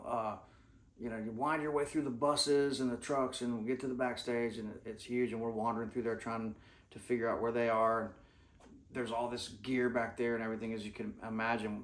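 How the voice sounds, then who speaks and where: A man's voice: mid-range voice, echoey room. A man telling rambling, folksy stories in a casual way, full of restarts and fillers. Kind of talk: casual storytelling.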